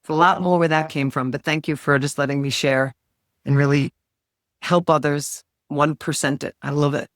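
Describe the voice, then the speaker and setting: Lively, low-pitched woman health coach. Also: moderate pace, no room sound, studio quality. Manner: enthusiastic, big swings in pitch and loudness. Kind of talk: casual podcast interview.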